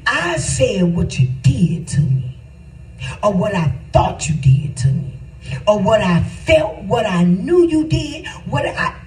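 A woman's voice: mid-range voice, big pitch swings, takes it slowly, darkish tone, echoey room, recorded from a distance, poor audio. A woman pastor giving a casual spiritual testimony with an emphatic, repetitive, preacherly cadence.

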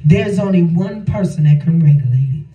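A man's voice: high-pitched, unhurried, dark tone, far from the mic. A man preaching a sermon, repeating his lines for emphasis and calling out to the congregation. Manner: call-and-response preaching, repeats phrases for emphasis. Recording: echoey room, voice from off-mic.

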